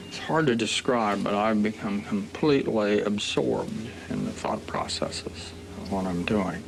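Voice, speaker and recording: A man's voice: on the low side, a little slow, gravelly, few pauses. An older man in an interview, speaking in a thoughtful and hesitant way. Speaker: economist, interviewee. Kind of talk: interview talk. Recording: noisy interview audio.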